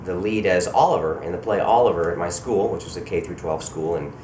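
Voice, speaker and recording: A middle-aged man from Colorado, a voice actor talking in a relaxed, self-deprecating way during a convention interview. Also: deep voice, a little fast. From Colorado, USA. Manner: relaxed, self-deprecating, repeats words when starting thoughts. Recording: echoey convention room with faint background noise.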